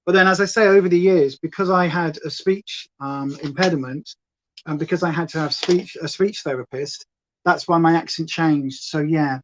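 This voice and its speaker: Speaking at a moderate pace in a deep voice, this Hampshire beauty livestreamer, with her southern English accent and touch of Essex twang, chats loosely at home while applying makeup. She reads out the chat and rambles to her viewers and her dog, and the audio is dull with a little hiss or hum.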